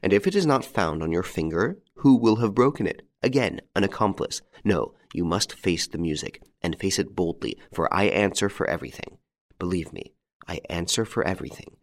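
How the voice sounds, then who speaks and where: A man reading aloud, voicing a confident gentleman who speaks in a firm, persuasive tone. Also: deep voice, animated, moderate pace. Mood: insistent. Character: bold gentleman rescuer, confident and reassuring.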